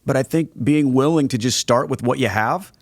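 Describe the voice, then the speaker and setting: A man's voice: mid-range voice, normal speed, dry recording, clean studio sound. A middle-aged man, a guest on a podcast, answering questions in an earnest, conversational way and often restarting his phrases. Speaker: guest, Catholic evangelist.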